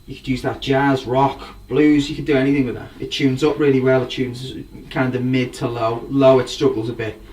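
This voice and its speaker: A man's voice: mid-range voice, little pitch movement, normal speed, few pauses, darkish tone. Enthusiastic man, a bit off-mic. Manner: enthusiastic, rambling, admiring. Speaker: drum collector. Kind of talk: casual show-and-tell. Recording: voice from a distance, faint background noise.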